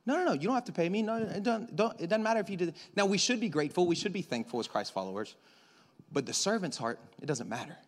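A man preaching a sermon as pastor, conversational and animated, joking and acting out voices. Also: high voice, fast. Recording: long hall reverb.

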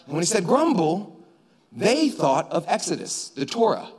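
A man preaching a sermon in a church, talking conversationally and rising to shouts for emphasis. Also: sits high, sing-song, normal speed, breathy edge. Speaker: pastor. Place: church sanctuary. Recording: long reverb of a church hall.

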